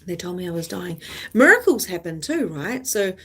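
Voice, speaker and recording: A woman's voice: on the low side, big pitch swings, normal speed, fairly bright tone, a little hiss or hum. A woman psychic medium hosting a live stream, chatting casually in a rambling, candid way and swearing freely.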